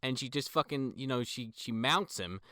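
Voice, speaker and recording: Guy recapping horror movie plot on a podcast, bright sharp voice, dry close sound. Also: mid-range voice, expressive, normal speed, dry recording. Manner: plot-summarizing, swearing, a little apologetic. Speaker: podcast co-host. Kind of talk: casual podcast chat.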